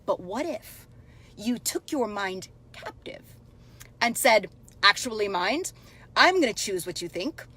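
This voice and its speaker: A chatty woman in her thirties hosts a live stream as a coach, answering her viewers by name. Her voice sits a little high, and she talks casually and upbeat into a close phone mic. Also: a bit bright.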